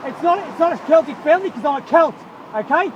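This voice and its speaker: A man's voice: very high voice, animated, fast talker, dull audio, background noise. An irate man with an Australian accent, arguing with police at the roadside and swearing heavily. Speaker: motorist stopped by police. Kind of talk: heated roadside argument. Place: outdoors by a road.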